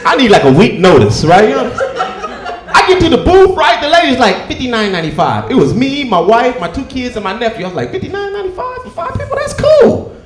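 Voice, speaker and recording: A man performing a stand-up comedy set on a club stage, telling stories and acting out characters with loud outbursts. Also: extremely high pitch, brisk, roomy sound, background noise. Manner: animated storytelling, acts out characters with loud outbursts. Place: comedy club stage before a live audience.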